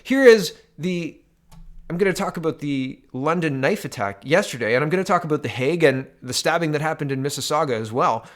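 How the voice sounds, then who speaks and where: A man's voice: fairly high pitch, a bit bright. A man from Canada giving casual political commentary to camera, loose and conversational, with restarts and quotes read aloud.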